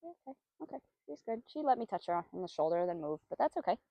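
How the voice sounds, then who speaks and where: Gravelly-voiced woman coaxing a horse. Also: lowish voice, sing-song, fast talker, no echo, muffled recording. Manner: soft, coaxing praise to the horse. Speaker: horse trainer. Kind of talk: casual narration while training a horse.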